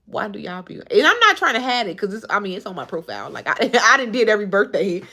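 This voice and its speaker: A woman in her twenties from the Chicago suburbs, with a Chicago accent, chats casually on a livestream and answers her chat. Her mid-range voice moves at a quick pace, and she's animated, talking back to the chat.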